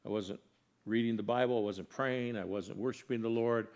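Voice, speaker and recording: A man preaching a sermon, earnestly putting questions to his congregation and moving between loud, emphatic lines and soft, quiet ones. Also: medium pitch, steady tone, normal speed. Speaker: pastor.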